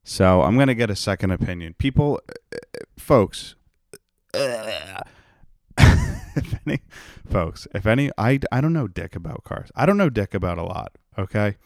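A man's voice: fairly low pitch, lively intonation, moderate pace, pauses often, dry recording, studio quality. A young man hosting a podcast, rambling and ranting in a profane, sarcastic way. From Rhode Island, United States. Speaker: podcast host. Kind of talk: casual solo podcast rant.

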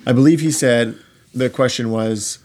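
A man's voice: mid-range voice, moderate pace, darkish tone. A man co-hosting a casual sports chat, swearing freely and retelling interviews. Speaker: podcast co-host.

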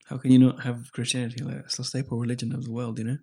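Husky guy cohosting, talks fast, offhand quips. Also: medium pitch, flat delivery, darkish tone. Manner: quick, offhand interjections. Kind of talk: casual chat.

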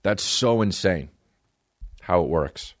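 A man hosting a solo podcast, ranting in a rambling, profane way with big swings in pitch. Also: lively intonation, slow, no echo, clean studio sound. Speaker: podcast host.

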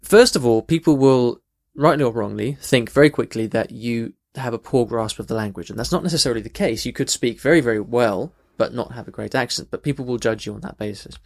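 A man's voice: medium pitch, a little fast, vocal fry, few pauses. A man hosting a language-learning podcast, answering a listener's question earnestly with frequent restarts and emphatic rises. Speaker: podcast host and language coach.

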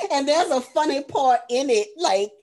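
A woman co-hosting a movie review podcast, casually retelling a film plot in a profane, animated way, full of "um" and "like.". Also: sits high, takes it slowly. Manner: frequent fillers like "um" and "like". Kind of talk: casual chat.

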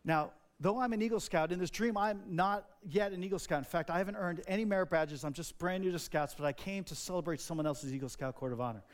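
A man's voice: sits high, fast talker, few pauses. A male pastor from New Jersey preaching a sermon, telling a personal story earnestly with filler words.

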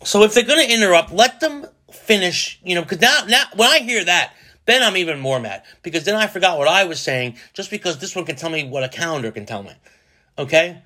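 A man rambles through a casual solo podcast in a bright, forceful voice, pitched a little higher than most men. He jokes, swears and restarts his sentences as he goes. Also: lively intonation, brisk. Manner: rambling, profane, jokey, lots of restarts. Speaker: podcast host.

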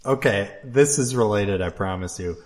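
A podcast co-host with a lowish voice talks in a relaxed, easygoing way. He shares a short story in casual conversation with his friends. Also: normal speed. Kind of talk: casual chat.

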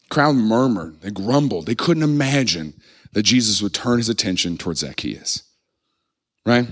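A man from the Midwest preaches in a church, telling the story with animated energy and often breaking into laughter. He slips into little acted-out voices for the people he describes. His voice sits at an ordinary middle pitch for a man. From American Midwest. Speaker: pastor. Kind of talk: sermon.

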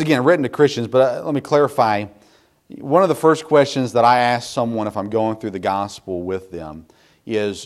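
A man in his thirties preaching a sermon, swinging from loud, emphatic passages to soft, hushed confession. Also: medium pitch. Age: 30s. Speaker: pastor.

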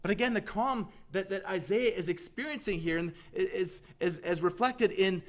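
A man preaching a sermon, earnest, moving from loud emphatic lines to hushed, almost whispered ones. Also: high voice, normal speed.

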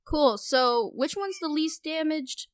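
A woman's voice: high-pitched, expressive, takes it slowly, no room sound, studio quality. A woman playing a tabletop game, eager and chatty. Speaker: player.

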